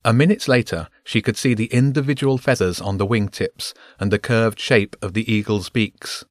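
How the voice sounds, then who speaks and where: A man narrating a children's fantasy audiobook in an even, measured reading. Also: on the low side, no room sound.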